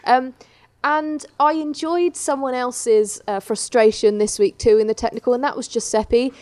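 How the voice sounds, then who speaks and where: A woman's voice: on the high side, fairly even intonation, normal speed, a little mellow, no echo. Co-host: woman, chatty and rambling, dry close sound. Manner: chatty and rambling, with frequent ums. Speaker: podcast co-host. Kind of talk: casual chat reviewing a baking show.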